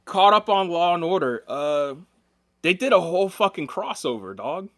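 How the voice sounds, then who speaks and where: A man's voice: high-pitched, normal speed, no room sound, studio quality. A man co-hosting a casual podcast chat, telling stories with lots of swearing and acting out the people he quotes. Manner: animated storytelling, acts out quoted people, swears freely. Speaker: podcast co-host.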